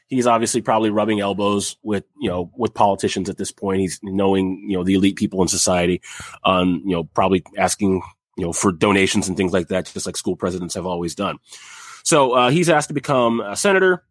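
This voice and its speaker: A man's voice: lowish voice, a little fast, no echo, studio quality. A young adult man casually telling a history story on a podcast, rambling with fillers and jokey asides.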